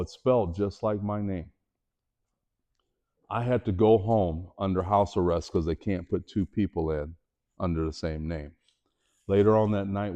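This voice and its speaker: A middle-aged man, a former athlete, giving a motivational talk to students in a school auditorium, telling a personal story with rising and falling intensity. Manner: storytelling, animated, raises voice for drama then drops low. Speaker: motivational speaker.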